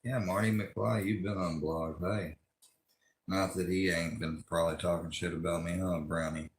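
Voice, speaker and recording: A man's voice: deep voice, steady tone, normal speed, echoey room, a little hiss or hum. A man, ranting angrily and with lots of profanity during a livestream. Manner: angry, profane, rambling rant.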